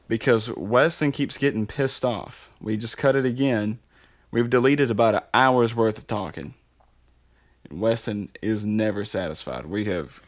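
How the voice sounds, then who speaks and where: A man co-hosting a casual podcast. He jokes around, stumbling over fillers and breaking into laughs. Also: fairly low pitch. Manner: jokey, lots of fillers and laughing. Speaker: podcast co-host. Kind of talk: casual chat.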